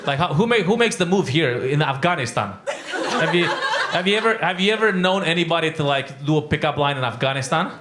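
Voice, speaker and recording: A man's voice: a little high, lively intonation, fast. A Romanian man doing playful, teasing crowd work as a stand-up comedian in a live club. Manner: playful, teasing, puts on silly voices. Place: comedy club stage in New York. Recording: echoey club with loud background noise.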